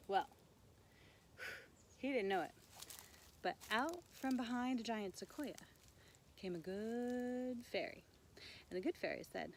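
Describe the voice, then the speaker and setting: Animated woman storyteller, whispers and squeaks. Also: moderate pace, long pauses, noisy background. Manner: playful, swings between hushed whispers and squeaky high bursts. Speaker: camp storyteller.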